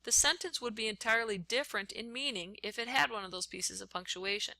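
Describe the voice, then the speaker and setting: Bright-voiced woman teaching a screencast lesson. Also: a little high, brisk, vocal fry, no room sound. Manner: step-by-step, talks while typing.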